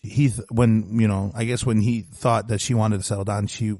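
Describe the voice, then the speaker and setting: A man's voice: lowish voice, little pitch movement, moderate pace, mellow, no echo, studio quality. A man co-hosting a podcast, casually recounting movie scenes at length. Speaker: podcast co-host. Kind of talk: casual movie review chat.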